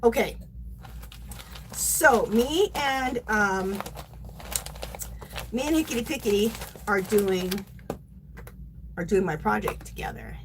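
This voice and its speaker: A woman's voice: medium pitch, slow pace, long pauses, a little hiss or hum, rough recording. A middle-aged woman hosting a yarn craft livestream, gushing and chatting casually to her viewers.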